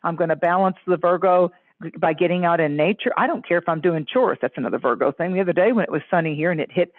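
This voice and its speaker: A woman astrologer, a guest, telling stories in an effusive, animated way and leaping into high voices when she quotes others. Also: quick pace, no echo. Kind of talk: animated storytelling chat. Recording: tinny phone-line audio.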